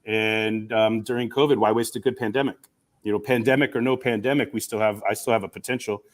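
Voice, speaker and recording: A middle-aged man, a guest on a video call from a campus room, telling his story in an earnest, emotional, animated way. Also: fairly low pitch, a little fast. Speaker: guest, communication professor and coach. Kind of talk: storytelling in an interview.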